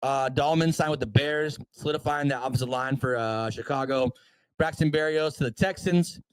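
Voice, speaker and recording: A man co-hosting a casual sports livestream, rattling through news items with quick offhand asides. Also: medium pitch, no echo, poor audio. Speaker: podcast co-host.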